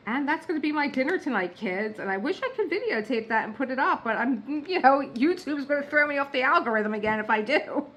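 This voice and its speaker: A woman vlogging from her home workspace, telling stories in a chatty, animated way and laughing at her own jokes. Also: high voice, fairly quick, hardly any pauses, a little hiss or hum, poor audio. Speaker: diamond painting vlogger. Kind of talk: casual storytelling chat.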